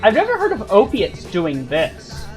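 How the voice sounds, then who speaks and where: Male player in a let's play, terse and offhand, very animated intonation. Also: high voice, a little slow, faint music behind, poor audio. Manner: laconic, short offhand replies. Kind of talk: casual gameplay chat.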